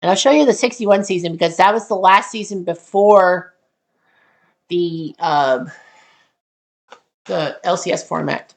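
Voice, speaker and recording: Gravelly, rambling woman host thinking aloud. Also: fairly low pitch, unhurried, pauses often. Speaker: channel host. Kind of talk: casual walkthrough of a simulated sports tournament.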